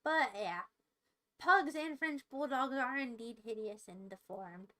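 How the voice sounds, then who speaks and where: A woman's voice: a little high, measured pace, pushed and bright, rough recording. A woman giving rambling, self-deprecating commentary as she plays a video game. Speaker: let's play streamer. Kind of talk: casual gameplay commentary. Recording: game music under the voice.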